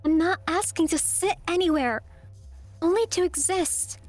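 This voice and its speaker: A woman voicing a female AI accused of a crime. Her high voice stays measured and precise, with a cool edge of bitterness. Faint music sits beneath her lines in this fan voice acting of a game. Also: darkish tone.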